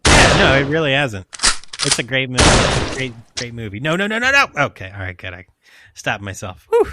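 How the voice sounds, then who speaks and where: A man co-hosting a casual podcast, animated and playful, swearing freely. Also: mid-range voice, brisk, heavy background noise. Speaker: podcast co-host.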